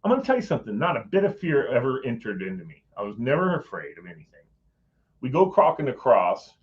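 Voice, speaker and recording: A man's voice: mid-range voice, fast, highs cut off. A middle-aged man telling a personal story in casual chat, acting out what people said and chuckling as he goes. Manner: animated, acts out quoted voices, chuckles mid-sentence. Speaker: guest recounting a personal story.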